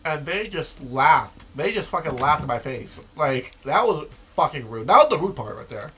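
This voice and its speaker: Loud, profane man gaming. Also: on the high side, moderate pace, slightly rough. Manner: profane, excitable, shouting outbursts and repetitive rants. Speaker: gaming video host. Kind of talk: let's-play commentary.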